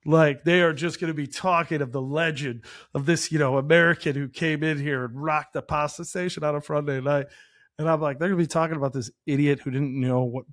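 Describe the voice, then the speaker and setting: A man co-hosting a chat show, telling a long story in a loose, animated way with lots of filler words. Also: on the high side, a little fast. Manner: animated, rambling, heavy use of "like". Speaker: podcast co-host, chef.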